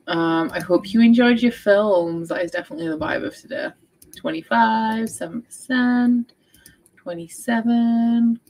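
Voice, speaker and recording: This young woman's voice sits fairly high, with a darkish tone and a normal speaking speed. She's a book vlogger running a readathon livestream, chatting casually and reading viewers' updates aloud. The audio is poor, with slight background noise.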